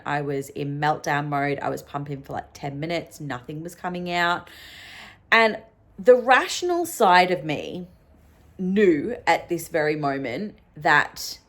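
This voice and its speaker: A woman's voice: deep voice, a bit bright. A young woman, a solo mum, talking openly and emotionally in a personal vlog, with lots of ums and likes. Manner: open and emotional, many fillers. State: sleep-deprived.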